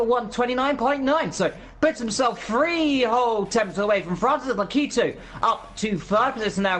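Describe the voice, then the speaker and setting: A man gives live commentary on an esports racing event, playfully walking through the track. His voice sits high and sounds a bit bright.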